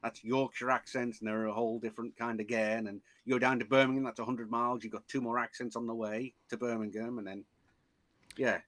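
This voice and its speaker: A man with a Liverpool accent talks casually as a podcast guest, his voice sitting in an ordinary middle pitch. The sound is dry and close, with no room echo. He restarts often and leans on examples to make his point. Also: flat delivery, fairly quick, fairly bright tone. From England. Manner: chatty, explains with examples, many restarts. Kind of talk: casual chat.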